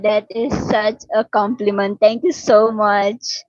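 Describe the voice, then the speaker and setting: A woman's voice: mid-range voice, flat delivery, takes it slowly, darkish tone, no room sound. A woman from Suriname hosting a casual live chat, answering viewers' comments and teasing them. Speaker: livestream host chatting with viewers. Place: home in Delhi. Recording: dull dry lo-fi audio.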